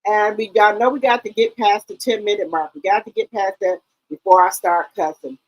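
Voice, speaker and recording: A woman hosting a live stream in a loose, easygoing way, greeting each viewer by name with a string of hellos and drifting between thoughts with plenty of ums. Her voice sits at an ordinary middle pitch. The recording is dry and close, with no room echo. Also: a little fast. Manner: relaxed, rambling, with many ums. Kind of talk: casual live-stream chat.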